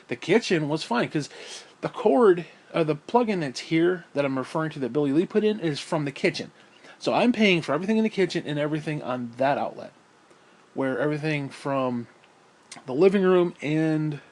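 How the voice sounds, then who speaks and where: A male vlogger with a fairly high, somewhat dark-toned voice tells a rambling story at home, indoors. He swears freely and sighs often throughout this casual vlog.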